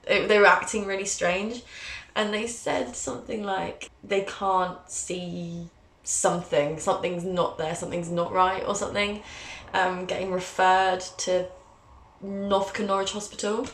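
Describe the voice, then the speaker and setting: Medium in pitch, a little slow and fairly bright, this English vlogger in her 20s, who studies journalism, speaks with a flat delivery in a roomy-sounding space. Casually telling her own stories to camera, she comes across as chatty, candid, self-deprecating and playfully dramatic.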